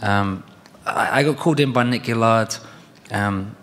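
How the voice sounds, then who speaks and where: A man's voice: lowish voice, a little slow, a bit bright. A British man in his thirties answering fan questions on stage at a convention, telling long rambling stories and acting out the lines of other people. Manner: rambling anecdotes with acted-out quotes. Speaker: guest at a convention panel. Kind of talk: fan Q&A storytelling. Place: large convention hall with audience. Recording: long reverb of a convention hall.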